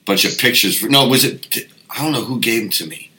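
A man's voice: medium pitch, fairly quick, pushed and bright, rough recording. A man who is a musician, talking laid-back in his office and ending many sentences with "man". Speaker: guest musician. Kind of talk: casual chat.

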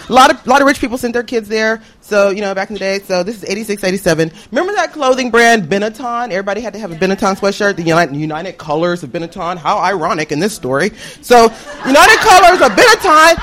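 Woman, comic storyteller, swooping lively pitch, acts out voices, salty language. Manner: animated, profane, acts out voices.

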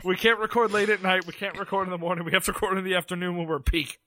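Bright, higher-voiced joking man. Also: fairly even intonation, racing. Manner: jokey, swears, blurts interruptions. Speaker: podcast co-host. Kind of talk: casual movie-review chat.

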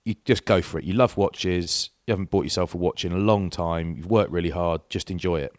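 Deep-voiced and fairly quick, this middle-aged man co-hosts a podcast, wandering through anecdotes and cutting himself off to start over. His tone is a little mellow, and the studio-quality recording has no room sound.

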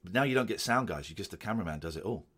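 Guy chatting about old show, bright lively voice, does goofy voices. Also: deep voice, racing, slight background noise. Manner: animated, jumps into silly voices. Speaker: comedian commenting on his old show. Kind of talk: casual chat.

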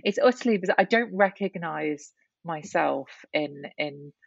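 Gravelly low woman, reflective. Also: animated, unhurried, dull audio. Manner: reflective, many restarts and "you know"s. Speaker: guest, writer and columnist. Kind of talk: candid conversational interview.

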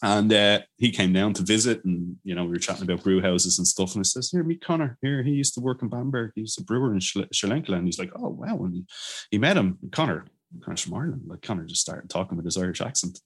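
Talking fast with a breathy edge to his lowish voice, a brewery owner guesting on a podcast tells stories enthusiastically. He uses many fillers and restarts and does animated quoted voices in this casual interview chat.

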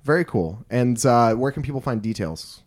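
A man's voice: mid-range voice, expressive, normal speed, a little mellow. A man hosting an interview in a casual, upbeat and enthusiastic way, laughing easily with his guests. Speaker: podcast host.

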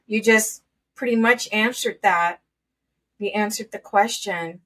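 A woman's voice: medium pitch, measured pace, a bit bright. A woman hosting an interview, asking prepared questions and affirming her guest's answers. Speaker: host, interviewer.

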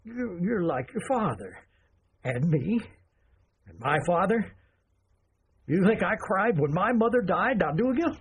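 A stern old grandfather, played by a man, speaks in a raspy voice that rises and falls a lot. He sets rules in a firm, lecturing tone, pausing and restarting as he goes. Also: sits high, sing-song, exaggerated voice. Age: older. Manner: halting, then firm and lecturing.

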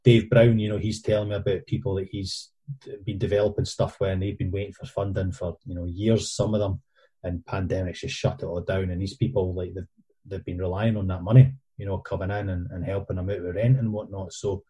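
A Scottish man with a very dark, mellow and husky voice, chatting casually on a podcast. He rambles through his stories with plenty of fillers and self-deprecating asides, sitting a little low in pitch. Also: flat delivery, a little fast. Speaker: independent filmmaker and editor.

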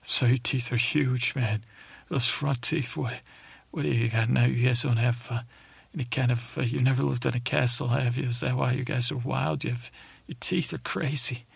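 A man's voice: mid-range voice, fairly even intonation, vocal fry, husky, no echo, full character voice. Man playing Sir Pounce, a rambling flirty cat knight. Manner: meandering, halting, full of fillers. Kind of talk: sleep podcast storytelling.

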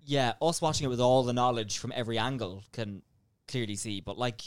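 Mid-pitched podcast co-host. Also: steady tone, a little fast, a loud crowd. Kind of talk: casual chat.

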